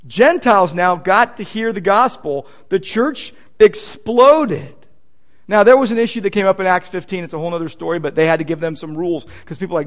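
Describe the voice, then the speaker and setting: A man's voice: high voice, fairly quick. A male pastor preaching a sermon in an earnest, emphatic way, leaning on repeated points.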